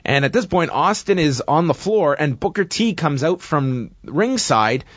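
A man casually recapping a wrestling match play by play, with steady narration and frequent fillers. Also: a little high, measured pace, no echo, muffled recording.

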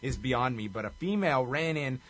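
A man's voice: medium pitch, lively intonation, normal speed, fairly bright tone, dry recording. A man co-hosting a casual podcast, recapping a wrestling show with a wry, chuckling delivery. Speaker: podcast co-host.

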